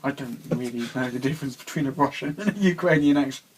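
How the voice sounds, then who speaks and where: A man's voice: mid-range voice, quick pace, slight background noise, rough recording. A young man co-hosting a casual chat, talking hesitantly with many restarts and frequent laughs. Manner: hesitant, chatty, laughs often. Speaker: co-host.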